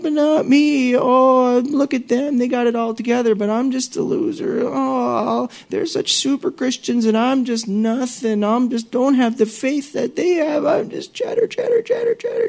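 A man voicing his own self-pitying inner chatterbox in a high, whining falsetto. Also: expressive, normal speed, creaky, hardly any pauses, a little mellow, full character voice. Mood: whiny.

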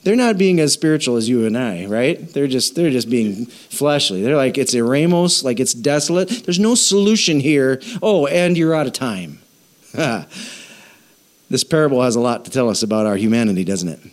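Preacher, male, animated and conversational, pitch leaping up and down, quizzes his church. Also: normal speed. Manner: animated, jokey, asks the congregation questions. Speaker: pastor. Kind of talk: sermon.

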